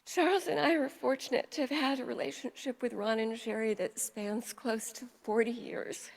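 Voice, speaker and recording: Older woman delivering a eulogy in a memorial hall, heartfelt, measured, long reverb. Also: fairly high pitch, steady tone. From New York. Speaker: eulogist, family friend.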